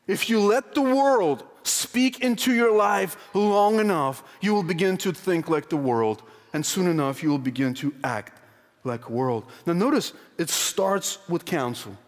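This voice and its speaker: A male preacher with a high voice delivers an earnest, emphatic sermon. He asks his listeners pointed rhetorical questions and slows down, dropping low, whenever he quotes scripture. His voice rings with a long hall reverb. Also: lively intonation. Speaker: pastor.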